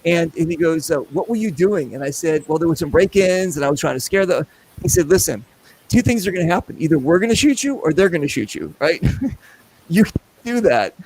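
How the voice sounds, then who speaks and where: A middle-aged man hosting a casual show, telling a long story with lots of acted-out voices and quick asides. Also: fairly high pitch, slight background noise, poor audio. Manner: animated, acts out voices in anecdotes. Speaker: podcast host.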